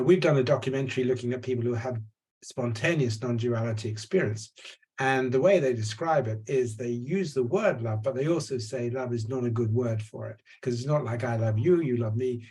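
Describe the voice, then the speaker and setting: A man's voice: medium pitch, mellow, slightly rough. A man interviewing a guest, asking thoughtful, rambling questions.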